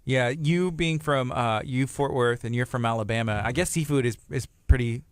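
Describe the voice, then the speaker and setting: A man's voice: mid-range voice, normal speed, clean tone, no room sound. Radio co-host, male, 30s, chatty and laughing, dry close studio sound. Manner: chatty, laughs often, tells anecdotes. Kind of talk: casual morning radio chat.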